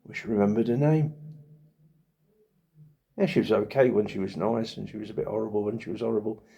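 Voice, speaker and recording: A man's voice: fairly low pitch, steady tone, brisk, gravelly, warm tone, breathy edge. A middle-aged man, telling wry rambling stories in a casual chat to camera. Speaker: vlogger.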